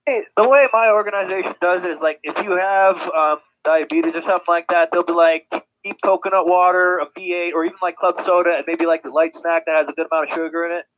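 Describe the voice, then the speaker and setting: A man guest in a casual chat, telling stories quickly. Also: sits high, steady tone. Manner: fast-talking storyteller. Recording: dull call audio.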